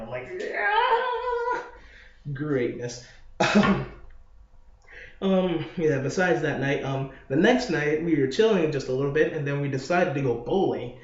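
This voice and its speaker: A young man chats through a casual video diary, rambling from story to story and acting out what people said. His voice sits a little high. The recording is muffled and very echoey, as if made in a bare apartment living room. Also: normal speed, a little mellow. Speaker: vlogger.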